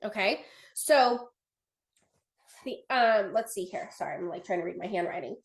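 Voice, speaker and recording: A woman's voice: mid-range voice, moderate pace. A young adult woman giving a casual sales training talk over a video call, chatty and earnest, with many fillers and restarts as she reads from her notes.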